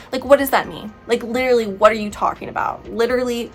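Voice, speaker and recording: A woman talks through a casual book review vlog, her voice sitting a little high. She sounds exasperated, rambling from point to point and scattering "like" through her sentences. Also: steady tone, quick pace, hardly any pauses, soft background music. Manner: exasperated, chatty, heavy use of "like".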